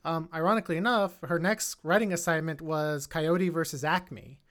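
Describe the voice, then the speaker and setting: Woman, podcast host, animated film chat, slightly low voice, stumbles over words. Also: normal speed. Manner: animated, repeats words when excited. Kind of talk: casual film discussion.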